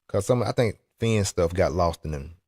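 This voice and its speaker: A man's voice: low voice, expressive, moderate pace, a little mellow, slightly rough, dry recording, studio quality. A man talking loosely and teasingly in a casual chat about RC racing, with plenty of restarts. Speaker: RC racing vlogger.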